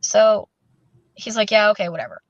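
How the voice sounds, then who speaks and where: A woman's voice: medium pitch, sing-song, vocal fry, no room sound. Woman candidly telling a hard story. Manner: candid, halting, many fillers and restarts. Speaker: interview guest. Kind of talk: recounting a personal story in an interview. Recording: dull, dry lo-fi recording.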